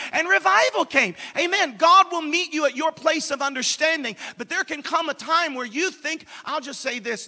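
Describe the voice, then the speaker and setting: A man preaching a Pentecostal sermon with passion, building up to shouts. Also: extremely high pitch, long reverb tail. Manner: impassioned, rising to shouts. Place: church sanctuary.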